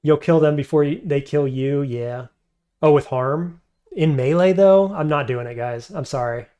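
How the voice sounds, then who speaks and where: A man's voice: on the high side, moderate pace, warm tone, smooth. A man streaming a game, thinking aloud as he weighs his options and answers chat. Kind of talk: casual live-stream commentary.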